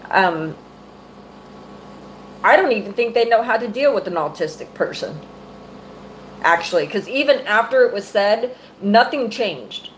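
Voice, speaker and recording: A woman's voice: medium pitch, animated, measured pace, long pauses, slight background noise, rough recording. Woman, middle-aged, angry mother, live-stream rant, profane, close phone mic. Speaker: mother venting to viewers.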